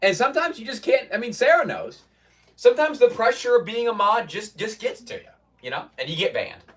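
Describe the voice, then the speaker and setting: A man's voice: extremely high pitch, big pitch swings, brisk, a bit bright, distant mic. A man streaming from a basement gym, chatting loosely with his viewers and often restarting his sentences. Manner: rambling, restarts, mock-quotes chatters. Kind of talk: casual chat with stream viewers.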